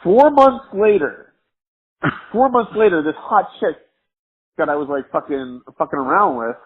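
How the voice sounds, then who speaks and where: A drunk man spins a rambling, profane story over a tinny phone line, laughing as he goes. His voice sits a bit high and sounds husky. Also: animated, measured pace, pauses often. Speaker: caller telling a story.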